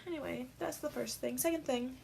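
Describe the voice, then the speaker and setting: A teenage girl chats into her camera in a loose, rambling vlog, full of fillers and restarts. She sounds a little teary, as if she has just been crying. Her voice sits a touch high, with a faint hiss of noise underneath. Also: a little fast, vocal fry, a little mellow. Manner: rambling, filler-heavy storytelling. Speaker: vlogger. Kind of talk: casual vlog chat.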